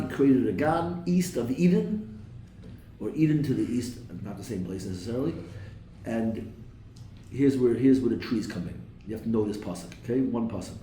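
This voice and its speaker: A man leads a Torah class, reading verses in Hebrew and turning them into English while he quizzes the room. His voice is mellow and relaxed. The room is roomy and echoey, with a faint hiss behind him. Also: medium pitch, far from the mic. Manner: questions the class, quotes verses in Hebrew then translates; slips in jokes. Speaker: Torah teacher. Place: classroom with a live audience.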